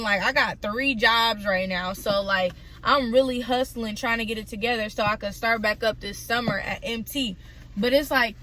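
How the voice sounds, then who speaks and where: A young woman telling a story in a casual, animated way while eating on camera, with plenty of indignation. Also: fairly high pitch. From Tennessee. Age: young adult. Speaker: vlogger. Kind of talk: mukbang storytime rant.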